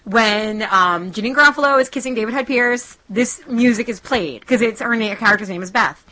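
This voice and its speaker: A woman's voice: a little high, poor audio. A young woman co-hosting a podcast, chatting casually and animatedly, often acting out little scenes. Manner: chatty, animated, acts out scenes in quick bursts. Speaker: podcast co-host. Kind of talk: casual chat.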